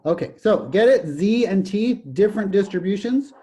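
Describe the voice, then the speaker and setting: A man's voice: high-pitched, animated, moderate pace, background noise. A man teaching a college statistics lecture, joking and digressing, often saying "okay" as he explains. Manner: jokey, digressive, repeats "okay". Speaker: college math professor.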